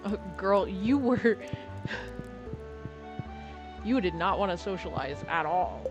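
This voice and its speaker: A woman's voice: medium pitch, lively intonation, slow pace, over music. A woman game streamer chatting casually, talking playfully and doting on her pet at her desk, into a desk microphone. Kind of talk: casual live-stream chat. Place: home desk indoors.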